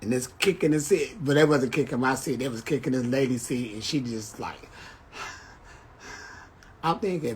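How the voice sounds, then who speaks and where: A man's voice: medium pitch, moderate pace, a bit bright, a little hiss or hum. A man chatting casually on a phone livestream, telling brash, profane stories. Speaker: drag performer on a livestream.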